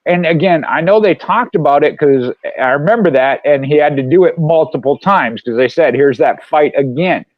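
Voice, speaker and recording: A man's voice: fairly high pitch, brisk, hardly any pauses, no echo, lo-fi sound. A man from Minnesota with a Minnesota accent, talking casually on a radio show and rambling with many fillers.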